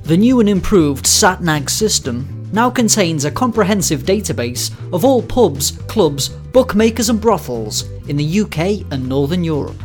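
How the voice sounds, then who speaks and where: A man putting on a cheesy radio ad announcer with a bright, salesy pitch. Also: big pitch swings, moderate pace, hardly any pauses, faint music behind.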